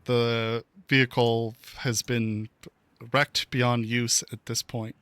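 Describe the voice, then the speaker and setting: A man running a tabletop game as game master, describing the scene slowly with many pauses and fillers. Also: mid-range voice, flat delivery, a bit bright, smooth, dry recording.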